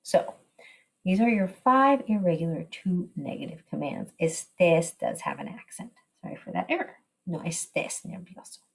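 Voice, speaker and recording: A woman's voice: lowish voice, big pitch swings, moderate pace, gravelly, slightly rough. A woman teaching a recorded slide lesson, explaining step by step and switching between Spanish and English.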